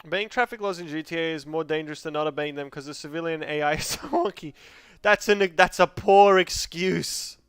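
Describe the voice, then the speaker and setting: Australian man, streamer, casual game commentary, joking, clear voice, dry close mic. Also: on the high side, fairly bright tone, no room sound. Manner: rambling, joking, laughs often.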